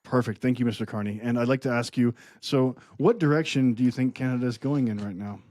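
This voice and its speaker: A man's voice: mid-range voice, fast talker, darkish tone, no room sound. A man co-hosting a podcast in casual chat, teasing and laughing often. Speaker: podcast co-host.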